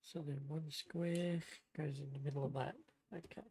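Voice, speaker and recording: A woman live-streaming at home, murmuring quietly to herself as she builds. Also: deep voice, fairly even intonation, moderate pace, husky. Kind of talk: casual live-stream commentary. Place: home room.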